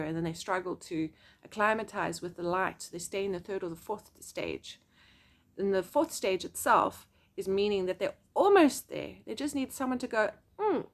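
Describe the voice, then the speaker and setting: A young adult woman, a psychic medium telling a personal story to camera in a chatty, expressive way full of fillers. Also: lowish voice.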